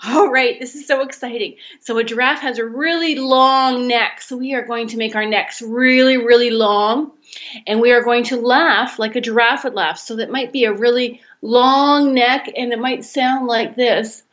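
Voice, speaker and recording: A woman's voice: a little high, fairly even intonation, moderate pace, fairly bright tone, lo-fi sound. A woman leading a laughter yoga exercise, encouraging and explaining each step.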